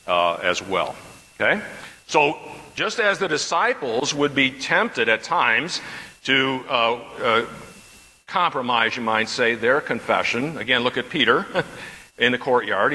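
A man's voice: medium pitch, bright, forceful tone, in a large hall, low-quality recording. A man teaching a Bible class as a pastor, talking conversationally and repeating questions from the class.

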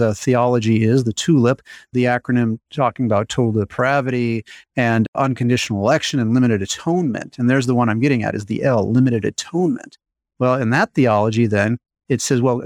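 A man's voice: mid-range voice, dry recording, studio quality. A man teaching Lutheran doctrine in an earnest, emphatic way, often asking rhetorical questions. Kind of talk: radio-style catechism teaching.

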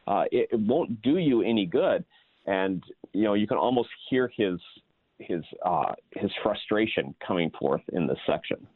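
A male pastor with a lowish voice explains a Bible verse earnestly, pausing often on fillers. His sound comes through a thin, phone-like band. It is dry, with no room echo. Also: expressive, husky. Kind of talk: casual Bible study discussion. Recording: tinny phone-like line.

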